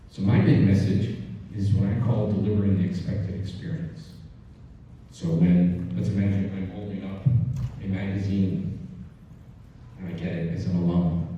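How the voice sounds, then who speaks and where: A man delivers a keynote in a large, echoing hall, heard from some distance. His voice is dark and mellow and sits low. He tells stories and keeps checking in with the audience. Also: muffled recording, a little hiss or hum. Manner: animated storyteller, frequently asking "right?". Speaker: keynote speaker. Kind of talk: conference keynote storytelling. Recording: echoey hall, from far off.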